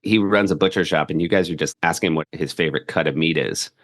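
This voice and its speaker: A man's voice: rumbling low, fast. A man in his fifties hosting a podcast, reminiscing and chuckling through casual chat. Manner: warm-hearted, reminiscing, chuckling. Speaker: podcast host. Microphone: studio mic.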